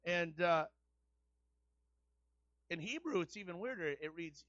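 A man pastor preaching a sermon in a colloquial style, rising to loud shouted refrains. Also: high-pitched, animated, a little slow, dry recording, lo-fi sound.

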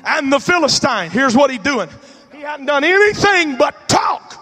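A preacher with an Alabama accent, preaching a fervent sermon in shouted storytelling. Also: male voice, very high-pitched, sing-song, moderate pace. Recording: music playing behind.

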